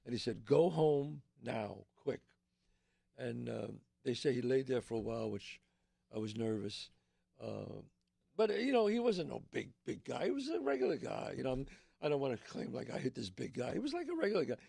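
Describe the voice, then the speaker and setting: Gravelly older man telling a story. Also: big pitch swings, a little fast, a little mellow, dry recording, studio quality. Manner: acts out the people in his stories, voice jumping high. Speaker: guest, actor. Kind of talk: animated storytelling.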